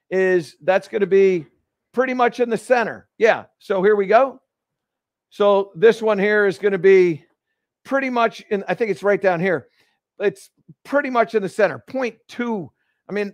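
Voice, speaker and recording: A man hosting a live golf lesson, explaining each move step by step with energetic restarts in an indoor golf studio. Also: high voice, no room sound. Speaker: golf instructor and show host. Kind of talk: live instructional demonstration.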